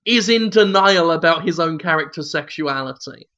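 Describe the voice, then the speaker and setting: A British man with a high voice rambles through crude, sardonic banter. His delivery is casual and comedic, and the recording sounds dull and lo-fi. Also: expressive, moderate pace, bright, forceful tone.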